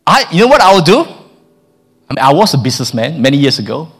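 Animated male preacher, lively higher voice. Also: a little fast, breathy edge. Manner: lively, stammers and repeats words, acts out quotes. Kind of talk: sermon.

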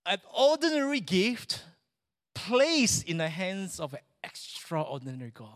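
A man preaching a sermon in church, animated and joking with the congregation. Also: high voice, a little slow. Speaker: pastor.

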